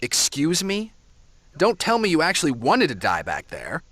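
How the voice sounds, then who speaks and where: A man's voice: a little high, huge pitch swings, moderate pace, a bit bright, dry recording, heavily acted. A man voicing a flippant, carefree young swordsman in a video game, talking in a casual, offhand way. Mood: breezy.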